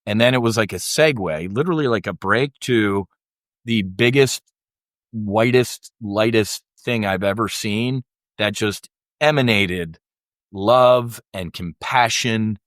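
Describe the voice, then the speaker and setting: A man's voice: lowish voice, slow, a bit bright, no echo, studio quality. A middle-aged man, a military veteran guest on a podcast, telling a candid personal story in a rambling way, restarting often and acting out the voices of people he quotes.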